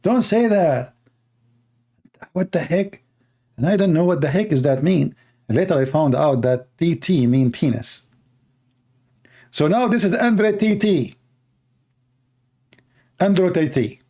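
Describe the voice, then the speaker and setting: Sarcastic male livestream host, slightly high. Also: expressive, a little slow, pauses often, warm tone. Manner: sarcastic, rambling storyteller with many fillers. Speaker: livestream host reacting to videos. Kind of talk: casual mocking commentary.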